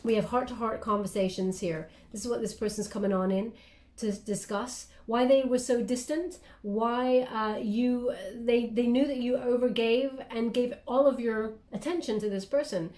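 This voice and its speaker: Woman, psychic reader, soothing and reassuring, warm relaxed voice, roomy echoey room. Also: a little high, normal speed. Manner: soothing, reassuring, talks in loose phrases with frequent fillers. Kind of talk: spiritual guided reading addressed to the listener. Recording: roomy echo.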